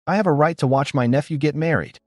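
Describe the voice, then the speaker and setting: A man's voice: a little high, fast, dry recording, voice pushed up, lightly acted. A man voicing a drunk, belligerent middle-aged uncle in a narrated story. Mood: drunk, insistent. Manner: loud drunken protest.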